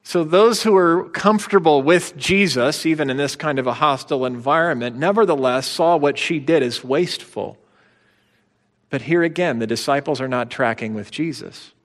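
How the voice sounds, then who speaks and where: A man pastor preaching a sermon, swinging between hushed, slow passages and emphatic, rising ones. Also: on the high side, big-room sound. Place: church sanctuary.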